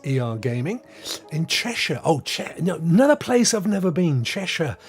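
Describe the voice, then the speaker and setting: A man's voice: a little high, big pitch swings, normal speed, faint music behind. Chatty man hosting a livestream. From England. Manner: chatty, upbeat, laughs often. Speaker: live stream host. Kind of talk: casual live chat, reading viewer comments.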